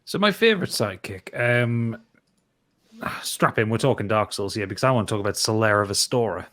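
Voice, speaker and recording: A man co-hosting a podcast in casual chat, dropping in brief, measured remarks. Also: fairly low pitch, lively intonation, a bit bright, dry recording. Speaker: podcast co-host.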